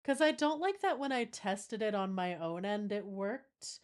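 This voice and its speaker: A woman's voice: mid-range voice, lively intonation, unhurried. A woman streamer chatting casually with her viewers, swearing now and then as she fixes her audio setup. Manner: chatty, swears, talks to chat while troubleshooting. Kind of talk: casual live-stream chat.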